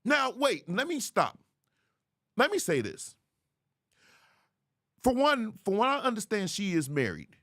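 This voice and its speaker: An animated male host, lecturing viewers in casual commentary. His pitch runs a little high and swings widely. The sound is dry and close. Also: measured pace, long pauses, no echo. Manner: animated, preachy, talks straight to viewers.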